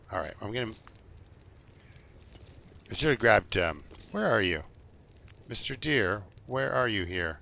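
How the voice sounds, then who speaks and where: A low-voiced man rambles through a live game stream, joking with his chat. His voice is gravelly with a bright, edgy tone, and faint music plays behind him. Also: animated, a little slow, long pauses. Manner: rambling, jokey, talks to chat. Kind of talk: casual live-stream commentary.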